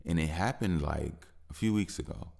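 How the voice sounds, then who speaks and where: A man with a deep voice, hosting a podcast and venting frustrated in a personal monologue, repeating himself and growing heated at times. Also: moderate pace, vocal fry, darkish tone. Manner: frustrated, repetitive, rising into heated stretches. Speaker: podcast host.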